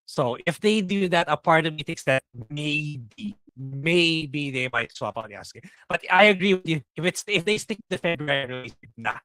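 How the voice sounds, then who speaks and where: A man with a higher voice speaks with lively intonation at a moderate pace, barely pausing, his tone bright and forceful and free of echo. He co-hosts a podcast over a lagging video call, keeping the chat casual while rambling, scoffing and using lots of fillers.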